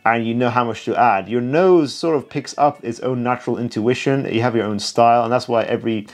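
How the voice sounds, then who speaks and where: A man's voice: medium pitch, fairly quick. A man chats through a perfume video as a reviewer, tired but enthusiastic. He talks in a loose, self-mocking way, full of asides. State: tired late at night. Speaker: perfume reviewer reacting to a documentary. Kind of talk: casual reaction commentary.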